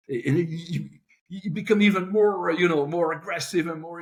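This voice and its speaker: An older man, a podcast guest telling animated stories with many restarts. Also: a little high, fairly quick. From Europe. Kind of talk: anecdotal storytelling.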